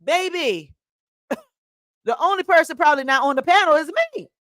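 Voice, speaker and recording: A woman hosting her podcast in a lively, preacherly call-and-response way, with a Philadelphia accent, repeating phrases and hyping up listeners. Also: sits high, normal speed, no echo, studio quality. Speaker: podcast host. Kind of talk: energetic podcast opening.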